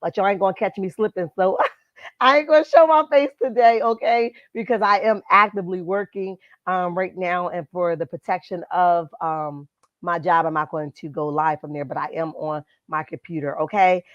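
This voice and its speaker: Celebrity gossip is the topic as a woman hosts a casual live stream indoors at her workplace, speaking sassily and emphatically straight to her chat. Her fairly low-pitched voice moves at a moderate pace, captured by a computer mic in a dry, dull recording.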